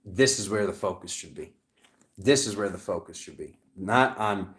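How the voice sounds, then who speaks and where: A man's voice: fairly low pitch, moderate pace, roomy sound, background noise. A man giving a live tarot reading who gets fired up and rants, repeating himself and breaking off mid-sentence. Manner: heated, ranting, talks over himself. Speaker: tarot reader.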